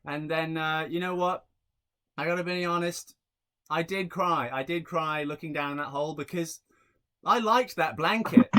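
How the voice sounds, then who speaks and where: A young man from England delivers a rambling, deadpan stand-up routine over a video call, full of ums and pauses. His voice sits a little high for a man. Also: clean tone. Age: young adult. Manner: deadpan, rambling, frequent fillers. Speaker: stand-up comedian.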